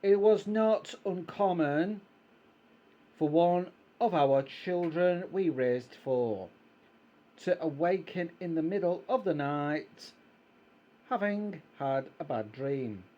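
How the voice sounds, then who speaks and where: A middle-aged man slowly and gently reading aloud from a Christian devotional, quoting scripture. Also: a little high, expressive, lo-fi sound. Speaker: reader of a devotional book.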